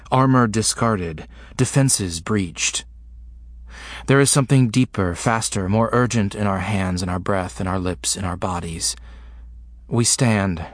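A man narrating a first-person story in short, halting, intimate fragments. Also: on the low side, no echo.

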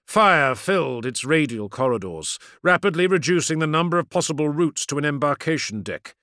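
Male audiobook narrator, bright voice, dry close recording, dramatic reading. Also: on the high side, lively intonation, moderate pace, dry recording. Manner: dramatic, vivid battle narration.

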